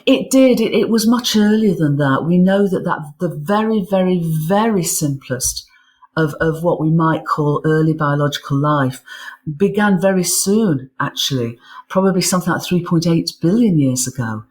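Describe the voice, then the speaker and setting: A woman's voice: lowish voice, moderate pace, a little mellow, a little hiss or hum. A woman speaks as an interview guest, explaining science with eager enthusiasm. She often repeats words as she builds her thoughts, then carries on in long flowing explanations. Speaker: guest author and physicist. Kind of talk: interview conversation.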